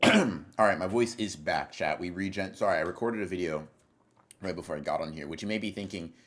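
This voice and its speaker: A man's voice: low-pitched, brisk. A young man livestreaming, chatting casually with his viewers in a rambling, profane way that keeps interrupting itself as he reacts to chat.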